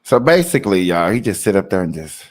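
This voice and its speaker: Host: man, animated joking riffs, voice swings widely in pitch. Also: fast talker. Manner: animated, joking, laughing often. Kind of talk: casual comedic commentary.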